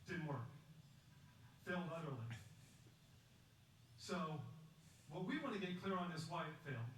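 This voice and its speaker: A man giving a prepared public talk, measured and emphatic, telling a story and asking rhetorical questions. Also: a little high. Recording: echoey distant recording with faint background noise.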